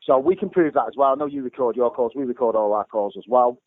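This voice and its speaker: A man's voice: medium pitch, quick pace. A man, a small gym owner, complaining bluntly about a phone fault and swearing between calls. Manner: exasperated, heavy swearing, blunt. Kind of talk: phone complaint and ranting asides. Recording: lo-fi phone-like sound with faint music.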